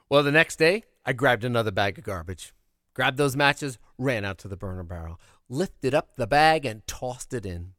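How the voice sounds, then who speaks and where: A man's voice: medium pitch, moderate pace, no echo. Folksy guy telling a story, voice jumping all over, super dry close sound. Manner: folksy, animated, expressive. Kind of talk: oral storytelling of a childhood tale.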